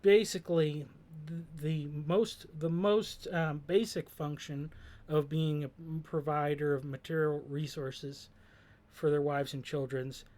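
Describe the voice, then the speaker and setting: Guy talking through song lyrics, kinda higher voice, lots of ums and restarts. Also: steady tone, unhurried, darkish tone. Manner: thoughtful, hesitant, many fillers and restarts. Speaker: host discussing song lyrics. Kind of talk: reflective commentary.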